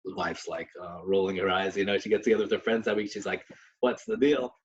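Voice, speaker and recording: A man co-hosting a podcast, chatting casually and telling stories in an animated way, with Yiddish phrases mixed in. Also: low voice, fast talker. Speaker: podcast co-host. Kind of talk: casual chat and storytelling. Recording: slightly muffled audio.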